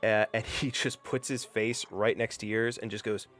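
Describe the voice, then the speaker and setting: A low-voiced man narrating as the game master of a tabletop fantasy game, rambling loosely and restarting his sentences. Faint music plays underneath. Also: fairly even intonation, normal speed, a bit bright.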